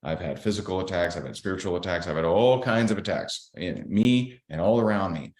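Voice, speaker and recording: A man's voice: low voice, a little fast, a little mellow. A man guest on a podcast, candidly telling a faith story in an earnest, blunt way. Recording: roomy echo.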